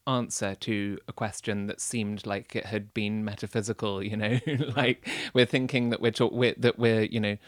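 A man of middle pitch, talking through a film in relaxed conversation. He is articulate and analytical, restarting phrases as he thinks. The sound is dry and close, with no room echo. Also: normal speed, hardly any pauses. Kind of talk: casual film discussion.

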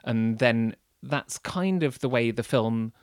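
A man's voice: medium pitch, takes it slowly, clean tone. A man discussing a film in casual conversation, speaking in an articulate, analytical way with some restarts.

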